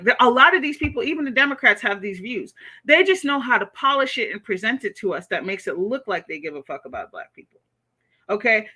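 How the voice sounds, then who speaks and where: A woman's voice: mid-range voice, sharp tone. An American woman hosting a livestream, reading chat comments and giving blunt, profane commentary, often tagging sentences with "okay?". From United States.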